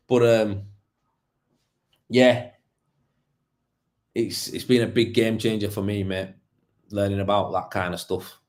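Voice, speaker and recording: A young man, a plasterer, hosting a casual livestream, talking bluntly with a lot of swearing, rambling and calling people mate. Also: on the low side.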